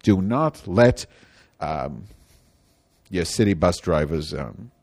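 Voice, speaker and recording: A man's voice: deep voice, lively intonation, slow, creaky, darkish tone, exaggerated voice. A man performing a comedic monologue as a cranky, indignant woman from Chicago, rambling and theatrical.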